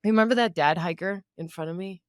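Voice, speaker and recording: A woman's voice: on the low side, a little fast, no echo, studio quality. A woman co-hosting a podcast, telling a dating story in casual chat, laughing often and acting out her own thoughts. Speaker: podcast co-host.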